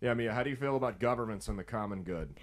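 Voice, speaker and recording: A man's voice: fairly low pitch, fast talker. A man hosting a podcast, giving emphatic, indignant commentary on the news. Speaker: podcast host.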